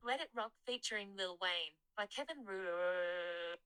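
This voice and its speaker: A man voicing a female voice assistant that flatly repeats the same answer. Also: high-pitched, measured pace, smooth, no room sound, pitched above the performer's own voice. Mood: deadpan. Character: female voice assistant, flat and robotic.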